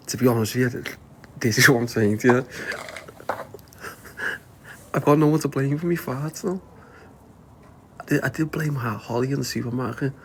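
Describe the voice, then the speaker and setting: Scouse fella rambling on his live stream, swears loads, keeps laughing, a faint hiss behind him. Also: mid-range voice. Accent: Liverpool. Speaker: livestreamer. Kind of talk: casual livestream chat.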